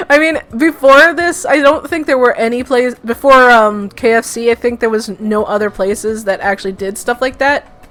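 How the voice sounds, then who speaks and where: A woman's voice: on the high side, unhurried, fairly bright tone, faint music behind. A young woman from Brooklyn with a Brooklyn accent, giggly and rambling with many fillers as she reads and chats through a game as a let's play host. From Brooklyn, New York. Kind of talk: casual game commentary and reading aloud.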